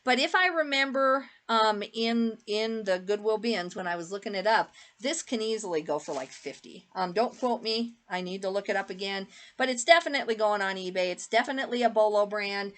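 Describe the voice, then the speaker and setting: A woman's voice: mid-range voice, fairly quick, hardly any pauses, fairly bright tone. A woman reseller chatting casually through a clothing haul, rambling with lots of fillers and asides. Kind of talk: casual haul vlog chat.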